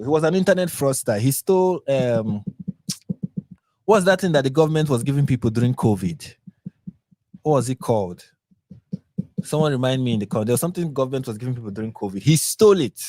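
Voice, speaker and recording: A man's voice: mid-range voice, warm tone, dry recording. A Nigerian man with a Nigerian accent hosting his channel, giving sarcastic, mocking live commentary on posts and rambling through restarts and repeats. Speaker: channel host.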